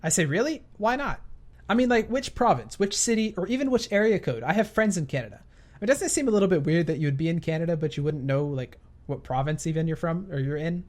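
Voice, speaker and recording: A man narrates a gaming storytime for his channel in a playful tone. He drops joking asides and quickly corrects himself as he goes. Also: on the high side, lively intonation. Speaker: gaming YouTuber.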